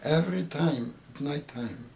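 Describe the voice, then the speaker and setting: A man in his eighties with Yiddish as his first language, telling a story with halting, repeated words that grow emotional. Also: on the high side, sing-song, creaky, a little mellow, slight background noise. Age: 80s. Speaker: interviewee. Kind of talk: oral history interview.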